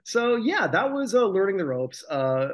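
Here a podcast co-host with a high, very animated voice takes his time, chatting about vintage TV in an unhurried way. He rambles, jokes around, and repeatedly backs up to rephrase himself.

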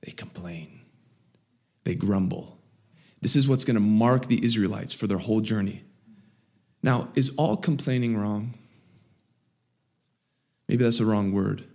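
A man preaching a sermon, swinging between raised, emphatic lines and low, quiet asides. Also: measured pace, pauses often. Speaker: pastor.

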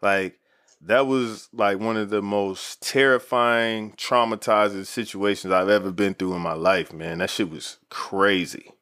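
A man's voice: lowish voice, fairly even intonation, measured pace, fairly bright tone. A man in his thirties telling a story in casual, slangy talk full of "like" fillers. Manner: laid-back, slangy, lots of "like" fillers.

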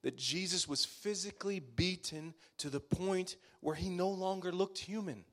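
A man preaching a sermon to his church, building phrases up and letting them fall away to a hush. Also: high voice, moderate pace. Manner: dramatic, swelling then dropping to hushed phrase endings.

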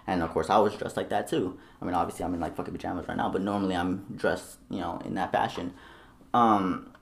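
A young man telling stories in casual chat, swearing often and animated. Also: low voice, quick pace, gravelly. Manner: profane, animated storytelling. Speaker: storyteller.

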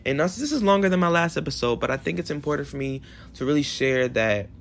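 A man in his twenties hosting a solo podcast in a hotel room, talking in an emotional, affirming way with animated bursts. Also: fairly high pitch, fast, creaky, slight background noise. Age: 20s. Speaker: podcast host.

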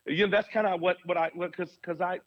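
Male pastor, interview guest, lively storyteller who laughs a lot, slightly high voice, dry close sound. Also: fairly quick, no room sound, highs cut off.

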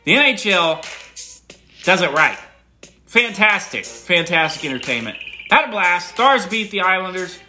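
Animated, bright-voiced man rambling. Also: sits high, unhurried, soft background music. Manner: animated and emphatic, with repeated words. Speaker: listener sending a voice message. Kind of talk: casual rambling monologue.

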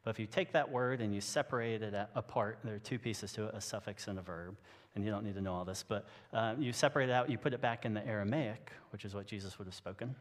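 A man's voice: on the low side, fast talker, big-room sound. A man giving a sermon as a pastor, talking in a casual, joking way with frequent restarts. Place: church sanctuary.

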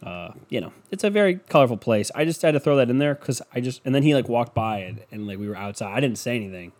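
A young man hosts a podcast, ranting in a loose, rambling way full of swearing. His voice sits at an ordinary mid pitch as he tells stories. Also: animated, quick pace, darkish tone. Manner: profane, loose, storytelling. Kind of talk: casual rambling rant.

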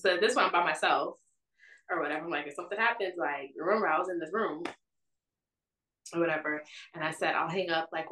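A woman's voice: low voice, a bit bright, roomy sound, distant mic, poor audio. A young woman casually telling a personal story, filling her speech with "like" and "or whatever.". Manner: chatty, constant fillers of "like" and "or whatever".

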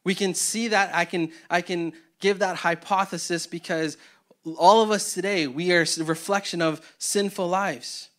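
A man, a pastor, preaching a conversational sermon to his church with energetic, casual delivery and frequent restarts. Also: high-pitched, a little slow.

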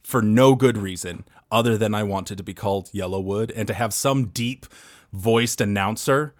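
A man with a lowish voice pitches a game show on a comedy podcast, rambling and swearing with playful energy. The sound is dry and close to the mic. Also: moderate pace, no room sound.

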